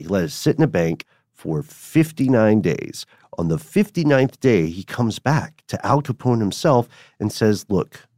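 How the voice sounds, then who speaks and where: A man co-hosting a casual history chat, telling the story in a playful, animated way. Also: sits low, dry recording, studio quality. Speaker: podcast co-host.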